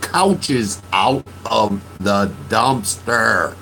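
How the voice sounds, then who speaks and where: A man's voice: fairly low pitch, expressive, drawn-out words, pushed and bright, slight background noise, poor audio. A man telling a story in a casual podcast monologue, profane and laughing, venting his emotions. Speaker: podcast host.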